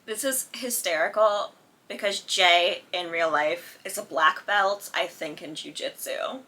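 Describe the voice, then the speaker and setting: Chatty woman with a bright, husky voice. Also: on the low side, measured pace. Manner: chatty, drawing while she talks. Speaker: reaction video host. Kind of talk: casual commentary while watching a sitcom.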